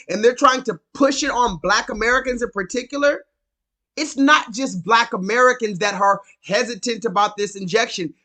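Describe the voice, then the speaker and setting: A man's voice: very high voice, bright, forceful tone. A man hosting a live call-in stream, ranting and telling a story with emphatic, profane repetition.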